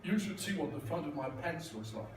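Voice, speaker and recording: A man's voice: on the high side, fairly quick, noisy background. A man giving a joking keynote talk with magic tricks at a conference, teasing the audience. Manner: joking, playful, talks to the crowd. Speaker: corporate speaker and magician. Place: large conference hall. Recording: echoey hall, mic from a distance.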